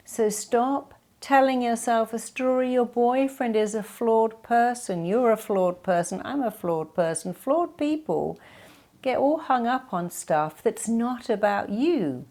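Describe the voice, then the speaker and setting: A woman's voice: a little high, expressive, a little slow, a little mellow. Emphatic middle-aged woman giving advice. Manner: emphatic, acts out quoted speech. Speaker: self-help advice host. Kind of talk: direct-to-camera advice talk.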